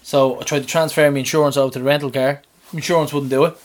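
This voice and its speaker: A man, co-hosting a podcast and animatedly retelling his week, swearing and shouting out the lines he quotes. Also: mid-range voice, flat delivery, quick pace. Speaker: podcast co-host. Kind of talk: casual storytelling chat.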